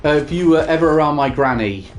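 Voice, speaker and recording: A man's voice: a little high, animated, quick pace, noisy background. A young man chatting casually while gaming, telling rambling stories with many fillers and restarts. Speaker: gaming co-host.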